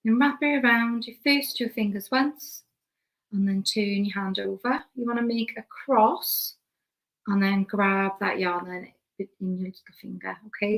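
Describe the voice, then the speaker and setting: A young Welsh woman teaching crochet step by step, chatty and relaxed as she works with her hands. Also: mid-range voice, low-quality recording. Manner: relaxed, chatty, talks while working with hands. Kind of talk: step-by-step craft demonstration.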